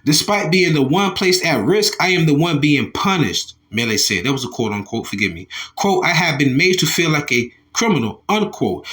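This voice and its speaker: Man, higher voice, swooping and animated, reads news aloud and riffs on it with Bible verses, stumbles and repeats himself, "y'all" to viewers. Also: moderate pace, few pauses. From Southern United States. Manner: animated, restarts and repeats words, calls listeners y'all. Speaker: religious commentator. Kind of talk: reading and commenting on a news article with scripture.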